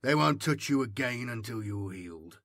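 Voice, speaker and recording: Man voicing a gruff stern old veteran. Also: mid-range voice, lively intonation, moderate pace, a bit bright, no echo, studio quality. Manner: harsh, snapping, commanding. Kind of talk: audiobook character reading.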